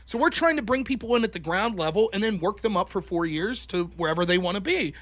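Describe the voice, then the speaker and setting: A man's voice: high voice, lively intonation, fast, fairly bright tone. A man in casual podcast chat, talking animatedly, swearing constantly and acting out what other people said. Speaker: podcast guest, former college debater.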